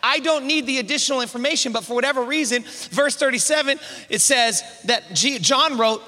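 A man preaching a sermon to a congregation, energetic, with call-and-response prompts and frequent restarts. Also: extremely high pitch, a little fast. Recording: reverberant hall sound.

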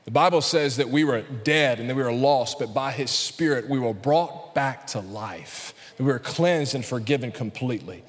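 A male pastor preaching a sermon to his congregation, building up to loud, emphatic calls and addressing the crowd directly. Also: medium pitch, normal speed, hardly any pauses. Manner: preaching with rising intensity, calling out to the congregation. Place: large church hall. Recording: reverberant church hall.

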